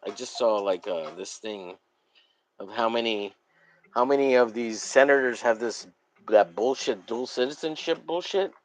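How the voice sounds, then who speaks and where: A man hosts a live stream, rambling loosely and swearing as he goes. He laughs at his own jokes and drifts between loud bits and muttering. His voice sits at an ordinary middle pitch. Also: unhurried, slight background noise, poor audio. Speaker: streamer hosting a drawing stream.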